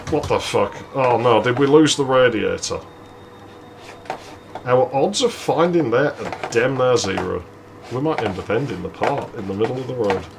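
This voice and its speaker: A mid-pitched man, telling a rambling story while he plays a game. He swears often and acts out everyone's lines. His tone stays casual and lively. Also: normal speed, vocal fry, slight background noise. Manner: profane, animated storyteller. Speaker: let's play host. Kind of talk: casual storytelling during gameplay.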